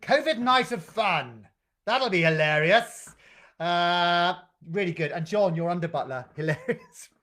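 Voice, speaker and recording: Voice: medium pitch, lively intonation, unhurried, a bit bright. A drama group leader hosting an online session, full of upbeat praise and loose, improvised links. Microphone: video call.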